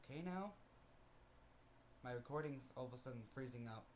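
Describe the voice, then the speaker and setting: A man's voice: medium pitch, moderate pace, a little hiss or hum. A man vlogging a casual storytelling rant, aggrieved and rambling, sighing often. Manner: aggrieved, ranting, with frequent sighs; rambling with restarts and fillers.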